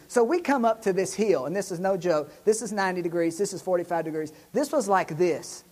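Man, animated storyteller, casual chat, excitable delivery. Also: high voice, fairly quick, few pauses. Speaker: church staff member and show regular.

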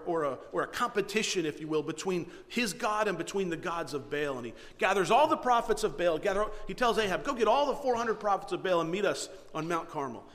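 A man preaching in a church sanctuary, his voice pitched somewhat high. He tells the story with animated energy, often restarting his phrases, and a long hall reverb trails each line. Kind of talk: sermon.

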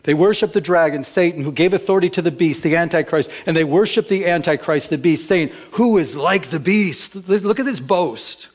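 A middle-aged man, a pastor, preaching a sermon with lively emphasis that rises in pitch. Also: brisk, hardly any pauses.

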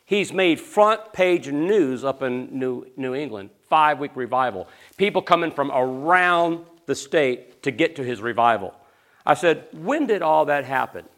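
A man preaching a sermon, swinging between loud, rising questions to the crowd and low, hushed storytelling. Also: lively intonation, unhurried.

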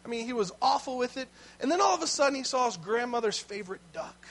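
A man's voice: extremely high pitch, expressive, fast, creaky, fairly bright tone, low-quality recording. A man preaching a sermon as pastor, telling a story in a conversational way with asides to the congregation.

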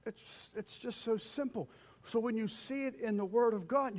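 An older man's voice sits high, expressive and unhurried, as he gives a conversational sermon as pastor. Quoted voices get acted out, and his delivery shifts between loud calls and quiet lines.

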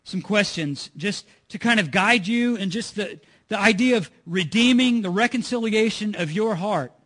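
A man's voice: high voice, normal speed, fairly bright tone. A man preaching a sermon as pastor, earnest and repetitive, asking his listeners rhetorical questions.

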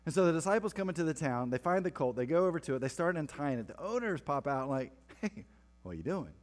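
A man's voice: on the high side, animated, fast talker. Male pastor, sermon, playful asides between readings, long hall reverb.

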